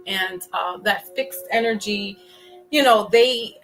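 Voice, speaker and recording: A woman's voice: medium pitch, slow pace, vocal fry, a bit bright, faint music behind, low-quality recording. A woman giving a casual tarot reading, chatty and loose, often restarting her words. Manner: chatty, frequent restarts and fillers. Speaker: tarot reader.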